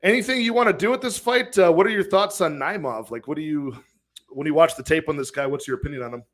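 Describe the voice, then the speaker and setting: A man hosting a casual livestream, asking his guest easygoing questions. His voice sits a little high for a man. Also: fast talker, a bit bright. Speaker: livestream host.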